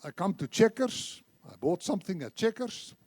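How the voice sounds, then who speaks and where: Older male preacher in his seventies, high voice, dry close sound, lively storytelling sermon. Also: normal speed, no room sound. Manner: animated storyteller, acts out dialogue. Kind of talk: sermon with told anecdotes. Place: church.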